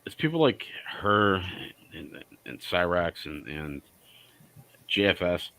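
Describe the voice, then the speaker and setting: A man's voice: deep voice, big pitch swings, takes it slowly, gravelly, pushed and bright, rough recording. A man in a casual group chat who rambles and trips over his words.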